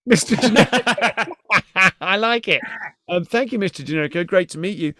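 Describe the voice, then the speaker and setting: Animated, giggly British male podcast host. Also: high voice, normal speed, no echo, clean studio sound. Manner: chatty, giggly, swearing, greets viewers. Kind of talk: live-streamed comedy chat.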